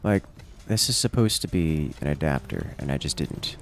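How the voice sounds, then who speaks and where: Very deep gravelly-voiced man streaming a game. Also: lively intonation, moderate pace, soft background music. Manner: musing aloud while playing, reading chat. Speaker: livestream host. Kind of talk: casual gaming livestream chat.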